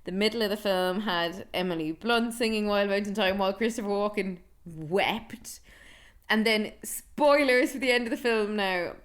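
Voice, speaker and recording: An Irish woman co-hosting a podcast, chatting casually and with strong opinions about a film. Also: medium pitch. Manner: talkative, opinionated, quick asides. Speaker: podcast co-host. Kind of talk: casual film review chat.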